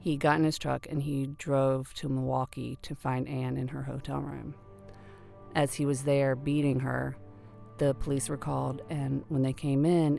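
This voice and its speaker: A middle-aged woman telling a personal story in a conversational, earnest way, sometimes hushed. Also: extremely low pitch, vocal fry.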